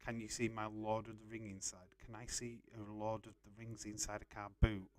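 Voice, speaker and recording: A man's voice: on the low side, little pitch movement, brisk, a little mellow, no room sound. A young man casually hosting a live stream, reading out and answering chat messages and laughing often.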